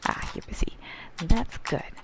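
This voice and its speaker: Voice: unhurried, noisy background, close to an everyday voice. A gamer reading the lines of a weepy, despairing older male company president. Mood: sympathetic.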